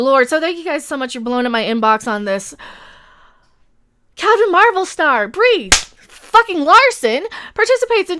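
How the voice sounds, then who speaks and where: A young woman YouTube commentator ranting sarcastically to camera, loud and full of swearing and laughter. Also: very high-pitched.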